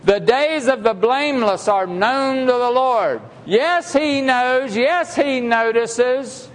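A male preacher delivers an emphatic sermon in a fairly high voice, firing rhetorical questions at his congregation. His voice carries with a long reverb tail, as if filling a large church sanctuary. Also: expressive, slow.

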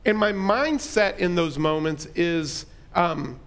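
Man, middle-aged, pastor, sermon storytelling, conversational, self-deprecating, fairly high voice. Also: animated, slow, fairly bright tone.

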